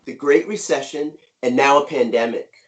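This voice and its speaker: A man's voice: mid-range voice, moderate pace. A middle-aged man, an author and guest, talking energetically and emphatically over a video call, often tagging on "right?". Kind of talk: conversational interview.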